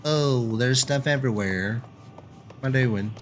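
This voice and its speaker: A man's voice: mid-range voice, a little slow. Male game streamer, casual chatty commentary, self-deprecating, faint music under him.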